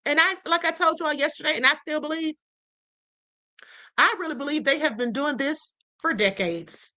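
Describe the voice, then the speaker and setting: A woman's voice: high voice, animated, normal speed, sharp tone, low-quality recording. A woman hosting a live stream, giving emphatic, indignant commentary and talking straight to her viewers. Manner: emphatic, repeats "okay?" to the audience; indignant, addresses viewers directly.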